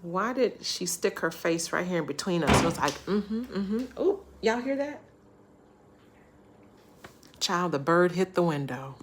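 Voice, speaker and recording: Woman vlogger, casual storyteller, animated and chatty, lower-pitched, quick to laugh. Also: very noisy. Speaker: travel vlogger.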